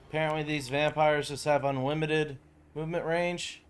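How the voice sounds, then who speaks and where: A man hosting a live game stream, chatting with viewers, who gets excitable and swears and shouts in disbelief. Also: fairly high pitch, normal speed, clean tone.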